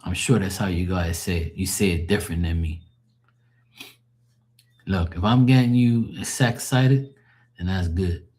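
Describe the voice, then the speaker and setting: Low-voiced man chatting on a live stream. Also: unhurried, pauses often, darkish tone. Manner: loose, chatty, explaining language differences to chat; swears casually, laughs easily. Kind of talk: casual live-stream chat with viewers.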